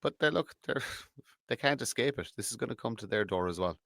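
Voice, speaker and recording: A man's voice: mid-range voice, lively intonation, brisk, fairly bright tone, no room sound, studio quality. A man on a discussion panel, talking earnestly and emphatically, often repeating himself. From Ireland.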